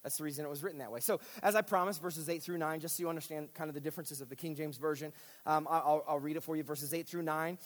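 A man's voice: on the high side, steady tone, quick pace, big-room sound. A man, a pastor, giving a teaching sermon and explaining step by step while checking in with his listeners. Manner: explanatory, speaks directly to listeners with frequent checks.

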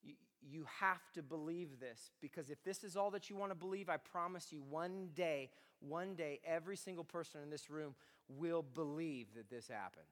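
A man preaching a sermon to a congregation, swinging from quiet conversational talk to loud shouting. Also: on the high side, normal speed. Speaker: pastor. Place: large room with congregation. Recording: long hall reverb.

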